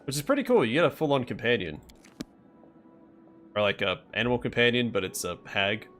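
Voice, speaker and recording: A man's voice: medium pitch, big pitch swings, brisk, a bit bright, soft background music. A man streaming a role-playing game, thinking aloud in casual commentary as he plays. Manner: musing, thinking aloud with fillers.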